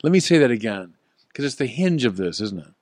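A man preaching a sermon, earnest and emphatic, with the odd soft chuckle. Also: mid-range voice, big pitch swings, fairly quick, dry recording, studio quality.

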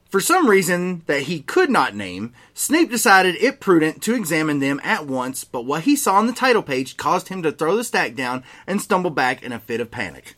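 A man co-hosting a comedy podcast, reading fan fiction aloud with a giggly, theatrical delivery. His pitch is slightly high and swings around lively. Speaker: podcast co-host.

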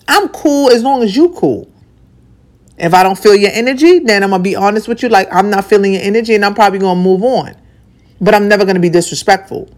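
Alternating gentle moments with hard-hitting, repeated emphasis, a woman radio host in her forties speaks frankly and profanely about her personal life. She has a mid-range voice.

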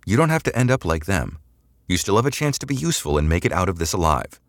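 A man's voice: low-pitched, sing-song, fast, no room sound, clean studio sound, voice pushed up. A man voicing a cool, glib female imperial agent who interrogates a prisoner in a mock-casual way that turns cold and matter-of-fact. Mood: glib, taunting.

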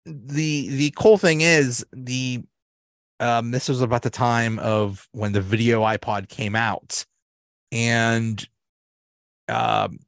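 A man's voice: medium pitch, steady tone, takes it slowly, vocal fry, no echo, clean studio sound. A man hosting a solo podcast, recapping episodes in a rambling, casual way with restarts and laughs. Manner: rambling, many restarts and fillers, laughs often. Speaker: podcast host.

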